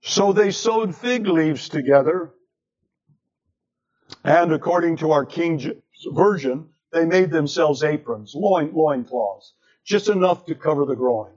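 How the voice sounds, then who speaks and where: Male preacher, slightly high voice, deliberate sermon delivery. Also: animated, a little mellow. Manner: slow, emphatic delivery with dramatic pitch swings. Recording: dull lo-fi sermon recording.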